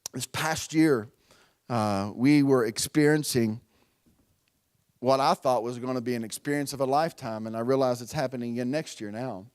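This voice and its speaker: A man's voice: a little high, no echo. A middle-aged man preaching a sermon at a church, conversational and storytelling, calling out to the congregation. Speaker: pastor.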